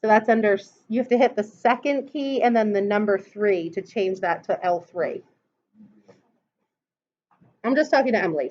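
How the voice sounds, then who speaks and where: A woman teaching a math class, patiently walking through calculator steps and asking students questions. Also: on the high side. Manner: patient, explains step by step and asks the class questions. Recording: dull lo-fi classroom recording.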